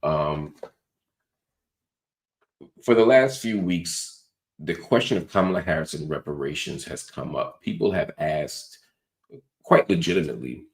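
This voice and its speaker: A man's voice: very deep voice, unhurried, creaky, long pauses. A middle-aged man hosting a talk show, chatting casually and reading viewer comments aloud. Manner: relaxed, conversational, reads viewer comments aloud. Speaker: show host.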